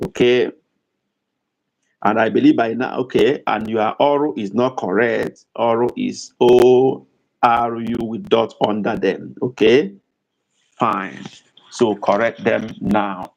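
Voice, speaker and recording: Gravelly man teaching a lesson. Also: lowish voice, a little mellow, low-quality recording. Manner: corrective, repeating words and chat prompts. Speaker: language tutor and host. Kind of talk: live online language lesson.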